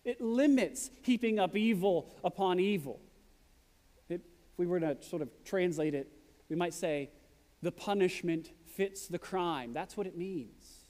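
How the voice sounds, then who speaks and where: A pastor delivers his sermon in a high, bright-pitched voice, earnest and direct, easing into humorous asides now and then. His words ring out into a large hall that carries a long reverberation behind him. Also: unhurried.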